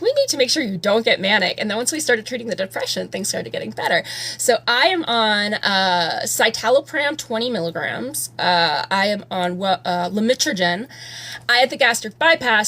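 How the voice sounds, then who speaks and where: A woman's voice: fairly high pitch, fairly bright tone. A woman in her thirties chatting casually on a live stream at home, rambling and candid and swearing freely while she does her makeup. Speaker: livestreamer.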